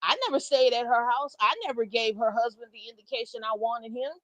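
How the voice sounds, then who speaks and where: A woman tells a story to her listeners, blunt and animated, swearing freely as she goes. Her voice sits a little high for a woman. The sound is dry, with no room echo. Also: a little fast. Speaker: streamer telling a story. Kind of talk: casual storytime.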